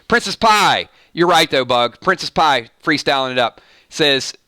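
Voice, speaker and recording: A man with a Southern US accent hosts a live stream, chatting casually and joking while reading viewer comments aloud. His voice is a little high, expressive and unhurried, with a sharp tone and no room sound.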